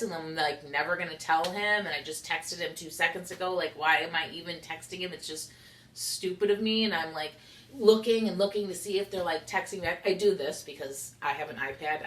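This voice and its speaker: A young woman vlogger rambles candidly in an unedited confessional vlog, saying "like" a lot. Her voice is lowish and fairly bright, and the echoey room recording carries a little hiss or hum.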